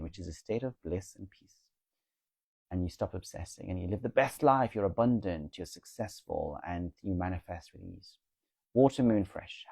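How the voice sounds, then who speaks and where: A man hosts a casual spiritual live stream, picking up viewers' comments and answering each one in a confident, coaching tone. His voice sits somewhat low and sounds dry and close, as if recorded at home with no room sound. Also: a little mellow, dry recording. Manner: chatty, reads viewer comments aloud and answers them.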